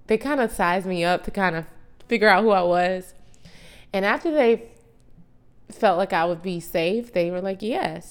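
Slow-talking woman telling a personal story. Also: medium pitch, clean tone. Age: late 20s to early 30s. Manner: animated, chatty storyteller with asides to listeners. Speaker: podcast host.

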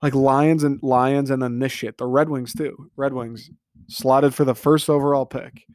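A man's voice: medium pitch, fairly even intonation, unhurried, a little mellow, no room sound, clean studio sound. A young man from the Detroit area ranting solo about his sports teams, frustrated and profane, rambling from one point to the next. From Detroit area, Michigan. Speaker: sports podcast host.

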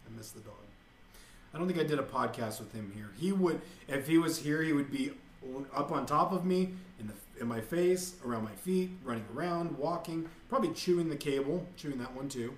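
A man's voice: fairly high pitch, expressive, fairly quick. A man hosting a podcast at home, ranting in a casual, profane and exasperated way. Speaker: podcast host. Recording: echoey room.

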